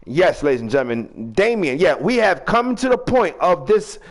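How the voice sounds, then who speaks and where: A man hosting a fan-made video-game wrestling show, rambling in casual chat and breaking into drawn-out ring-announcer calls. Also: a little high, animated. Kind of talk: casual hosted recap with announcer flourishes.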